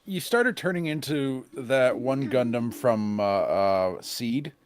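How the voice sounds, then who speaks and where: A man's voice: mid-range voice, slow pace. A man rambling casually on a group livestream, hesitant and full of fillers. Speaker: streamer.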